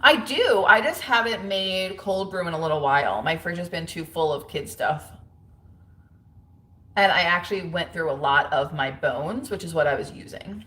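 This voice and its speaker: A woman's voice: fairly low pitch, normal speed, sharp tone. A woman in her thirties hosting a casual livestream, chatting frankly with viewers, laughing often and using lots of fillers. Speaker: livestream host. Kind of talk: casual livestream chat reading viewer comments. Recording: roomy echo.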